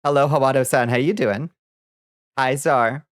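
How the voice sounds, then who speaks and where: A woman's voice: extremely low pitch, moderate pace, no room sound, studio quality. A woman streamer chatting casually with her viewers, laid-back and swearing freely as she greets people by name. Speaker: vtuber streamer. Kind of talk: casual livestream chat with viewers.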